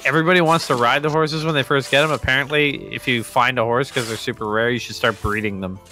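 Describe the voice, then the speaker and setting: Man, bright tense voice, rambling casual chat, faint music behind. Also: medium pitch, fairly even intonation, fast. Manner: rambling, restarts, chatty about games.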